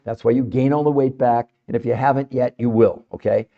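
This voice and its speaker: A man hosting a podcast, delivering an animated, emphatic health talk full of rhetorical questions to his audience. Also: mid-range voice, a little fast, vocal fry, dull audio. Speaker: podcast host.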